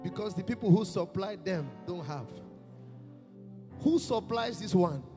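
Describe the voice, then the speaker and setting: A man, a guest pastor, leading worship with slow, chanting calls to the congregation. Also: sits high, expressive. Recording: worship music playing behind.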